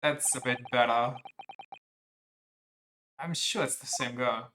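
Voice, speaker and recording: A man's voice: medium pitch, slow, noisy background. A man streaming a game, chatting casually with self-deprecating, laughing asides.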